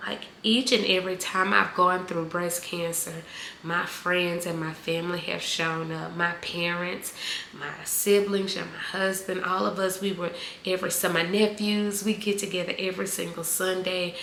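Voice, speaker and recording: A woman in her forties telling a heartfelt personal story, halting with many fillers and close to tears at times. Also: on the low side, little pitch movement, vocal fry, bright, forceful tone. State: emotional, near tears. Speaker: vlogger. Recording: echoey room, faint background noise.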